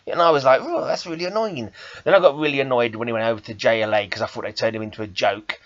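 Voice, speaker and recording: A man's voice: mid-range voice, expressive, quick pace, dry recording, muffled recording. A man who vlogs about comic books and hosts a metal podcast, rambling casually and laughing at himself. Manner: chatty, self-deprecating, laughs often.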